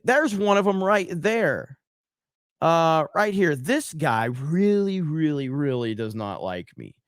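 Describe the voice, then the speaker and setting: A man hosts a casual livestream, reading viewer chat aloud and answering bluntly and profanely, often repeating words for emphasis. His voice is on the high side, captured in a dry, studio-quality recording.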